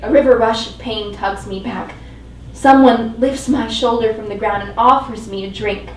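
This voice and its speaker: A woman's voice: fairly high pitch, normal speed, slight background noise. Woman reading dramatic fiction live. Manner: dramatic, emotionally intense reading. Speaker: fiction reader. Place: live event venue. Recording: echoey live venue, mic at a distance.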